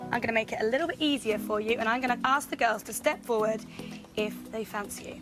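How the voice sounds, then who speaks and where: Tv host lady, high lively voice, music behind her. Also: quick pace. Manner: lively, upbeat announcing. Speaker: reality TV presenter. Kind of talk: reality TV hosting.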